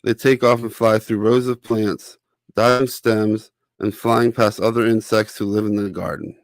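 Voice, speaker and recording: A man reads a children's picture book aloud in a steady, clear way. His voice is fairly low, and the recording is close and dry, with no room sound. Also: normal speed, dry recording. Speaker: author and narrator.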